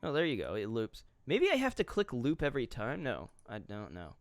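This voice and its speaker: A man's voice: medium pitch, wildly swooping pitch, brisk, no echo. A man streaming, reading online posts aloud and reacting with casual, offhand commentary. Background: faint guitar music.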